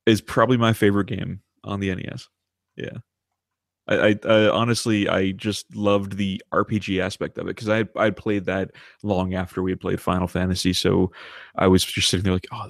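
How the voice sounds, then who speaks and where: A man in his thirties chatting casually on a podcast, animated and telling stories with plenty of swearing. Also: deep voice, gravelly, no echo, studio quality. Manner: animated storyteller, swears freely. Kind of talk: casual chat.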